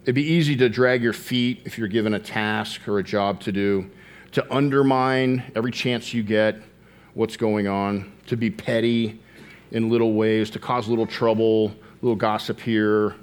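Earnest low-voiced male preacher. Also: steady tone, moderate pace, smooth. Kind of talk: sermon.

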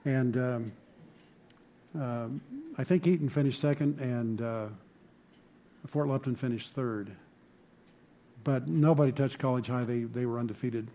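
A man's voice: mid-range voice, steady tone, unhurried, pauses often, dark tone. A middle-aged man preaching a sermon, telling stories conversationally and building to emphatic points. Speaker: pastor.

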